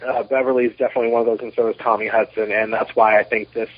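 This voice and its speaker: A man in his thirties, a documentary producer, chatting as a podcast guest and telling animated, rambling stories with many restarts. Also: fairly low pitch, rapid-fire, breathy edge, dry recording. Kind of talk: casual interview chat. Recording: muffled lo-fi podcast audio.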